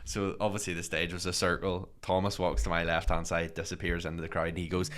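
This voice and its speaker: A young man, telling a story on a casual podcast and acting out the quotes. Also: fast talker. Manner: animated, acts out quotes with big jumps in pitch and volume. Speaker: podcast host.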